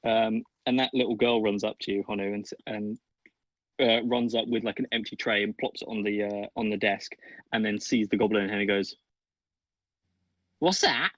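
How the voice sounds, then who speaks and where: A man's voice: lowish voice, level tone, fairly quick, no room sound, low-quality recording. A man narrating a tabletop game as game master, casual and full of fillers. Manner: casual, filler-heavy, rambling.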